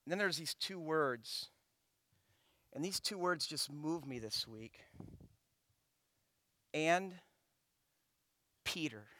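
Pastor, male, 30s: unhurried high voice, dry close sound, sermon with dramatic loud and hushed swings. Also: no echo. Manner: swings from loud emphatic preaching to hushed near-whispers.

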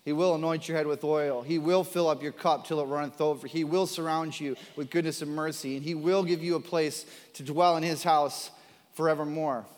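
Pastor guy preaching, high voice, earnest, big echoey sanctuary. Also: fairly even intonation, brisk. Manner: earnest, building to emphatic preaching. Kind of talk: sermon. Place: church sanctuary.

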